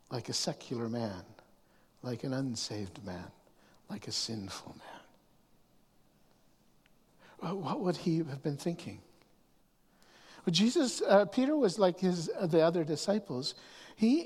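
A man preaching a sermon, often restarting his words and swinging from hushed asides to raised emphasis. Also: high-pitched. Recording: long hall reverb.

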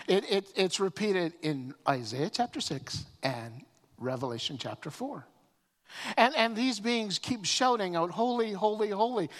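A man preaching a sermon as pastor, often repeating words as he starts phrases and swinging between loud emphasis and quiet. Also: sits high. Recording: long reverb of a hall.

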